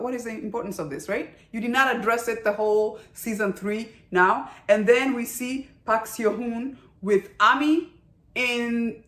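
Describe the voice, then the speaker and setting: A woman giving a casual, emphatic review of a TV drama, often tagging her sentences with "right?" and "okay?". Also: a little high. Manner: emphatic, chatty, with frequent "right?" and "okay?" tags. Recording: roomy echo.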